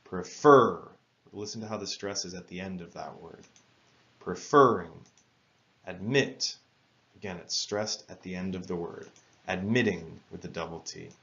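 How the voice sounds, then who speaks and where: A man teaching English spelling rules in a careful, measured lesson narration, spelling words out letter by letter. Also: low-pitched, steady tone, vocal fry, lo-fi sound.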